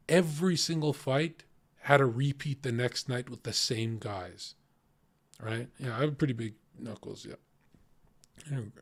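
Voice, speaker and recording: A man talks casually to his stream, retelling a run-in with blunt, profane language. His voice sits in an ordinary middle pitch.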